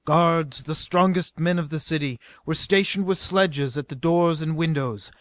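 A man reading an adventure novel aloud as narrator, with a steady, dramatic delivery. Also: fairly high pitch, unhurried, dry recording. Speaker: audiobook narrator.

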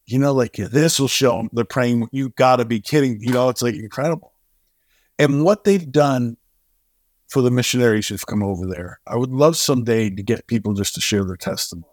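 A man guest on an interview show, telling stories in an animated way and acting out the voices of the people in them. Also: fairly quick, dry recording. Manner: animated, acts out quoted voices with big pitch jumps. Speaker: charity co-founder, guest. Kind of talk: storytelling in an interview.

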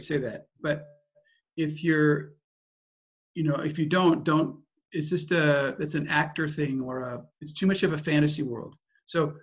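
A man leading a personal growth workshop, speaking in an emphatic, repetitive way. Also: on the high side. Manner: emphatic, repetitive, circling phrasing. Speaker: workshop leader. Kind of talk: teaching a group.

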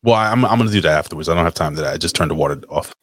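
A man's voice: deep voice, rapid-fire, a bit bright, no room sound. A young man on a podcast, telling a rambling, profane story in casual chat. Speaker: podcast host.

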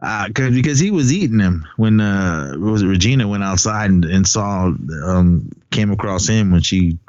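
A man's voice: lowish voice, animated, moderate pace, darkish tone, no echo, lo-fi sound. A man co-hosting a movie podcast, talking casually and rambling with lots of fillers and laughs. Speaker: podcast co-host.

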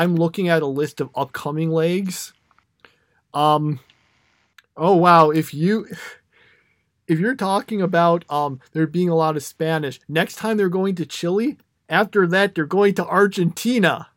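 A man's voice: fairly high pitch, unhurried, no room sound. A young man chatting casually as a podcast co-host, rambling with many fillers, restarts and trailing thoughts. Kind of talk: casual chat.

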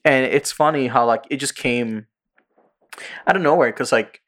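A man's voice: mid-range voice, normal speed, a bit bright. A man hosting a casual podcast chat, rambling through retold stories with frequent laughs. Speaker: podcast host.

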